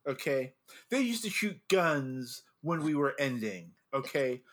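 A man hosting a casual chat, telling animated stories full of restarts and laughter as a former judge. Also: medium pitch, measured pace. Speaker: podcast host and former drum corps judge.

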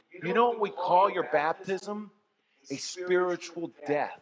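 A pastor preaching a sermon, telling stories in an animated way and swinging from soft, low passages to loud ones. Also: male voice, measured pace, crowd noise. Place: church. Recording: long church reverb.

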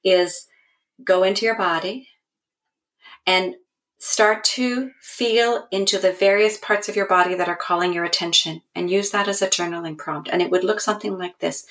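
A woman in her forties, a podcast guest and mentor, telling a story and giving guidance in a calm, earnest, reflective way. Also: medium pitch, normal speed.

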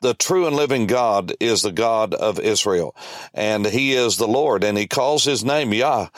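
A man's voice: lowish voice, animated, measured pace, no room sound, studio quality. A male preacher voicing a proud foreign army commander, now humbled and earnestly pleading.

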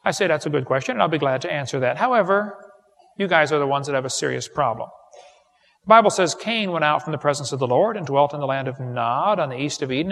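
Gravelly man joking through a hall lecture. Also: a little high, fairly bright tone. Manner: folksy, joking storyteller who builds to punchlines. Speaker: creationist seminar speaker. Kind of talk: humorous seminar lecture. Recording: long hall reverb, live seminar recording.

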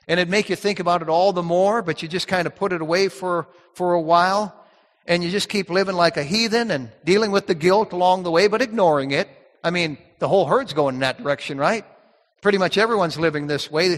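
A man's voice: sits high, a bit bright, in a large hall. A male pastor delivering a sermon, preaching emphatically and repeating key words for weight.

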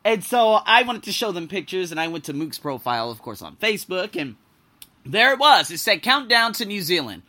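A man, likely in his twenties, hosting a podcast and telling a personal story in a casual, excitable way, with loud exclamations and some profanity. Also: brisk. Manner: animated, swings between loud exclamations and low asides. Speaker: podcast host.

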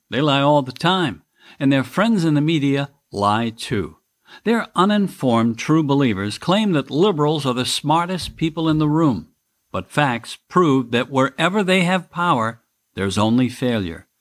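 A man's voice: mid-range voice, a bit bright. Man hosting a sarcastic political monologue. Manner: wry, sarcastic, mock voices for critics. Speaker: podcast host.

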